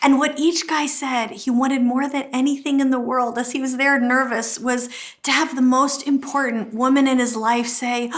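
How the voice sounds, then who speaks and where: A middle-aged woman teaching a marriage course, telling stories and acting out quotes with a lively delivery. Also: high-pitched, moderate pace. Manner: lively storytelling, acts out quotes. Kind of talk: teaching talk to camera.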